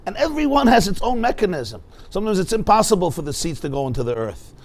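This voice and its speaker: A man's voice: high voice, big pitch swings, fast talker, a little mellow. A rabbi teaching a Torah class, asking rhetorical questions and mixing Hebrew and Yiddish terms into his English.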